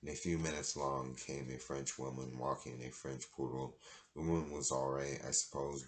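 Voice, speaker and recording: A man reading a children's storybook aloud, with plain delivery and some stumbles and restarts. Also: very deep voice. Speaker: reader.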